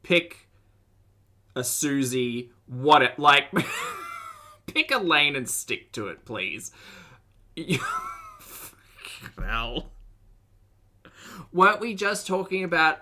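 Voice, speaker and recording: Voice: medium pitch, big pitch swings, very slow, pauses often, pushed and bright. A host of a live reaction stream, giving sarcastic, exasperated commentary and laughing often.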